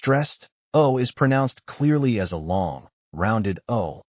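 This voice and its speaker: A man narrating a scripted language lesson, explaining rules in a measured way. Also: on the low side, very animated, no echo, muffled recording. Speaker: language teacher.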